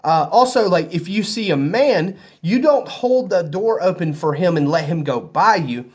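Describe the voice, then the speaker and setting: A man with a Southern US accent chats to camera in a loose, rambling way, his voice sitting a little high. He sounds easygoing and conversational, like he is talking to friends from a hotel room. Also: lively intonation, moderate pace. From American South. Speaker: vlogger. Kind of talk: casual storytelling to camera.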